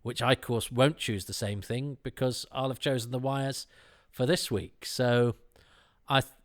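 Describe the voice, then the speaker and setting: A man's voice: mid-range voice, steady tone, measured pace. A man hosting a podcast, talking in a rambling, self-deprecating way with many restarts. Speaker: podcast host. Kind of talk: casual chat.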